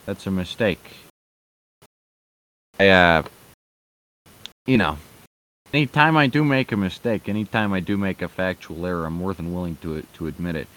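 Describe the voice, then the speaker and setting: Low-voiced sarcastic male commentator. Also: fairly bright tone. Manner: hesitant, sarcastic, swears, many fillers. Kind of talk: casual commentary.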